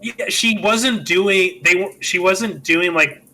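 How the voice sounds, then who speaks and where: Giggly comic co-host man, high voice, very bright tone. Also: slow pace, low-quality recording. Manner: laughing, stumbling over words. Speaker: podcast co-host. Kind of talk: comedic movie recap chat.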